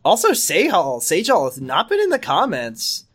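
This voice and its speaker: A man with a somewhat high voice, co-hosting a casual chat and reading fan fiction aloud. He jokes around, laughs often and sometimes slips into exaggerated excited voices. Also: moderate pace, husky. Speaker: podcast co-host.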